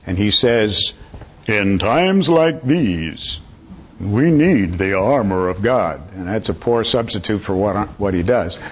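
Man, preacher, earnest sermon, unhurried, mid pitch, muffled lo-fi recording. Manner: unhurried, earnest, calls for amens. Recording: slightly dull lo-fi recording.

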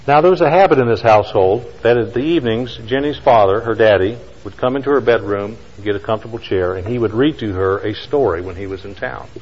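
A man preaching a sermon, telling a story with emphatic lines and slow, quiet stresses. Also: lowish voice, breathy edge, big-room sound, lo-fi sound. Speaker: pastor.

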